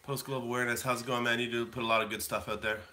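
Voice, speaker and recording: A man's voice: mid-range voice, level tone, rapid-fire, bright, forceful tone, a little hiss or hum. A man in his thirties from Canada, rambling casually to his livestream viewers and answering the chat. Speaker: livestream host.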